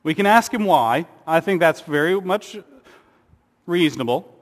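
A man's voice: a little high, expressive, a little slow. A man preaching a sermon, earnest, with rhetorical questions and sarcastic asides. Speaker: pastor. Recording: long hall reverb.

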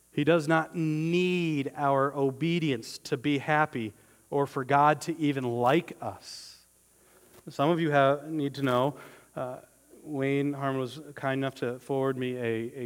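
A man preaching a sermon as pastor, earnest and emphatic, slowing down on key words and often restarting his phrases. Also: mid-range voice, clean tone, in a large hall.

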